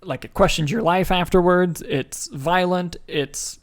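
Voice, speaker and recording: A young man co-hosting a podcast, chatting casually and excitably, swearing often and swinging between big emotional highs and quiet moments. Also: a little slow. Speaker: podcast co-host. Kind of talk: casual chat.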